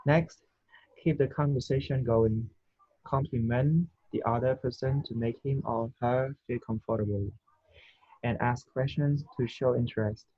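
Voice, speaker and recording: Male student reading a passage over a call, husky voice, dull lo-fi sound. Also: medium pitch, a little slow, dry recording. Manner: careful reading with small restarts. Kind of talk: reading a text aloud in class. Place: video call.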